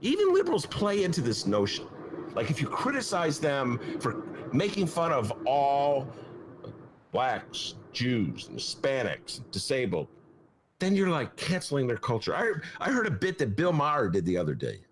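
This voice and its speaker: A man hosts a podcast in a loose, comic monologue. His pitch swings wildly, and he leaps into high, mocking voices. The delivery stays sarcastic and playful throughout. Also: moderate pace, a little hiss or hum. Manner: animated and sarcastic, jumps to high mock voices. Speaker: podcast host, newspaper columnist.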